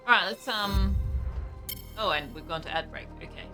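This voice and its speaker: A young woman streaming a game, chatting casually and thinking aloud, reacting with quick surprise to what happens. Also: medium pitch, pushed and bright, soft background music. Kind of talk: casual live gameplay commentary.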